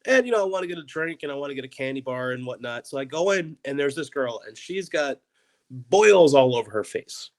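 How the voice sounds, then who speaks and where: A man's voice: mid-range voice, animated, brisk, rough recording. A young man, a comedian guest on a podcast, telling a story in a rambling way with many "like"s. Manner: rambling, heavy use of "like".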